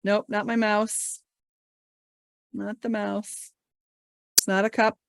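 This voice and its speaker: A woman's voice: mid-range voice, little pitch movement, slow pace, creaky, no echo, clean studio sound. A woman teaching English over a video call, playfully leading a guessing game. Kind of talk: online teaching session. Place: home office.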